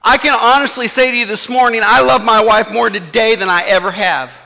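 A man's voice: very high voice, fairly even intonation, fairly quick, vocal fry, pushed and bright, in a large hall. A man, preaching a sermon in a church in a conversational way and acting out the voices of his listeners. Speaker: pastor.

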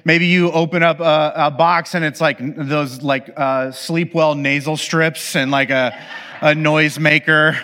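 A man's voice: on the high side, level tone, unhurried, bright, forceful tone, long reverb tail. A man giving a sermon as pastor, in a conversational, playful way, acting out the voices of the people in his examples.

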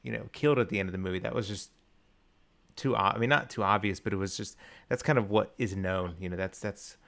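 A man with a fairly low voice co-hosts a casual film podcast. He talks with eager enthusiasm, circles back often and fills gaps with "you know". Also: quick pace, gravelly, a bit bright. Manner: enthusiastic, rambling with many restarts and fillers. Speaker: podcast co-host.

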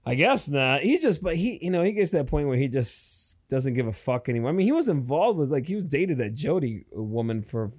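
A man's voice: fairly high pitch, very animated, brisk, hardly any pauses, a little mellow, no room sound, clean studio sound. Profane, rambling man telling a story. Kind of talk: casual storytelling chat.

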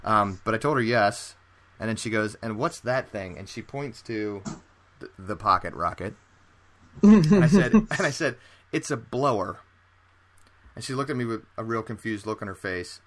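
A man's voice: on the low side, expressive, moderate pace, fairly bright tone. A man co-hosting a photography podcast, telling stories in a rambling casual way with many restarts and fillers. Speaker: podcast co-host. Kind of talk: casual chat.

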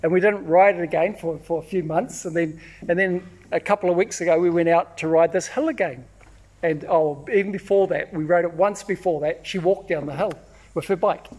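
A man preaching a sermon, telling personal stories in an animated way, acting out shouts and often repeating words. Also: sits high, brisk. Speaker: pastor.

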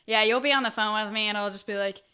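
Bright, clear-voiced young woman, blunt storyteller. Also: medium pitch, fast talker. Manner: animated storyteller, blunt and profane. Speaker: podcast co-host. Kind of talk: casual chat.

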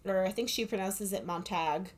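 A woman's voice: medium pitch, moderate pace. Chatty, sarcastic woman recapping a film. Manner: chatty, sarcastic, laughs often. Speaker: podcast co-host. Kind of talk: casual chat recapping a film. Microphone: headphones with a corded mic.

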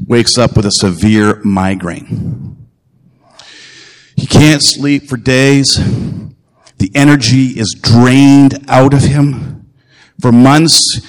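A man's voice: mid-range voice, long reverb tail. A man preaching a sermon as pastor, earnest and emphatic, repeating phrases and putting direct questions to his listeners.

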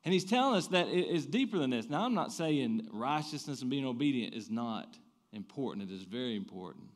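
Man, 30s, pastor preaching, mid-pitched voice, swings from loud bursts to quiet asides. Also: sing-song, fairly quick. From American South. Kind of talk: sermon.

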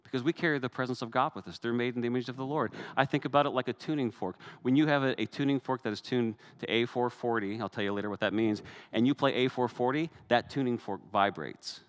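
A man's voice: medium pitch, fast talker, few pauses. A man, a pastor, preaching a sermon in a conversational way that rises to emphatic peaks.

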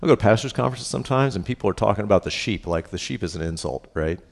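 A middle-aged man delivers a sermon as a pastor in a fairly low, gravelly voice, talking very fast and expressively. He reads from scripture and unpacks it in a chatty way, regularly asking tag questions and making self-deprecating jokes.

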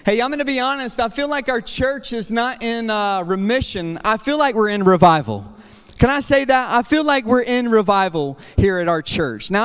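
A man's voice: high-pitched, fairly bright tone, clear, resonant tone, in a large hall. A young adult man preaching a sermon as pastor, passionate and conversational, with restarts and fillers. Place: church sanctuary.

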